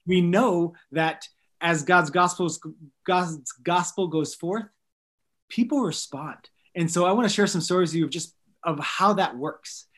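A man in his thirties, a missionary guest on a podcast, telling stories in an earnest, animated way with light jokes. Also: sits high, a little slow. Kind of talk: storytelling in a podcast interview.

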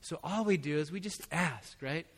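A man preaching as a pastor, telling a personal story in a relaxed, conversational way with frequent chuckles. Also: fairly high pitch, normal speed. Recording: long hall reverb.

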